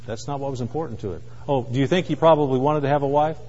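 A man preaching a sermon, swinging from loud cries to hushed, quiet asides. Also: medium pitch, fast talker, hardly any pauses. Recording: muffled, with long hall reverb.

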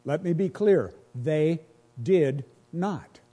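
A man's voice: a little high, expressive, takes it slowly, mellow. A pastor preaching a sermon to his congregation, earnest and emotional, repeating phrases as he builds each point.

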